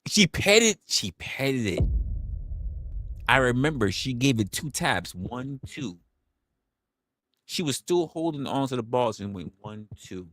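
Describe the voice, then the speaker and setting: A young man hosting a livestream, telling a story in a candid, profane, animated way. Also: mid-range voice, slow pace, long pauses, no echo. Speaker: livestream host.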